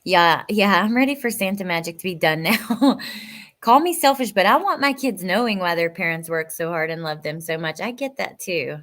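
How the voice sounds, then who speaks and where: A woman hosting a live stream, chatting casually and emotionally as she answers viewer comments, sometimes sinking to a soft near-whisper. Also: fairly low pitch, normal speed. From West Virginia. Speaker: livestream host.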